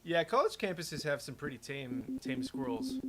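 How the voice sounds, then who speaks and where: A man's voice: mid-range voice, sing-song, normal speed, loud music behind the voice. A young man streaming a game, chatting casually and joking, laughing at his own fumbles. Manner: joking, playful, laughs at himself. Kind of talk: casual gaming chat. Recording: loud keyboard typing noise. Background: keyboard clicks and typing.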